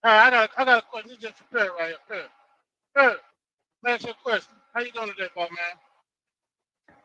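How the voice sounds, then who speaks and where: Male caller, very high bright voice, dry, keeps repeating himself. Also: quick pace, lo-fi sound. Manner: repetitive, insistent questioning. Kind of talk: phone-in question.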